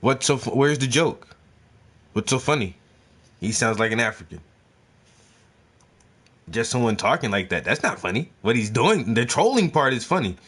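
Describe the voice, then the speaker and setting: A man's voice: mid-range voice, sing-song, moderate pace, pauses often, fairly bright tone, slightly rough. A man giving casual reaction commentary, indignant and questioning, repeating phrases. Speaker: video reactor.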